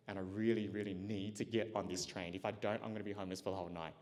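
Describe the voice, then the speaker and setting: A man giving a motivational keynote, telling a personal story with lively acted-out dialogue and frequent laughs. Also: lowish voice, very fast. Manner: animated, acts out dialogue, laughs often. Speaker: keynote speaker. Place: large event hall. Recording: long hall reverb.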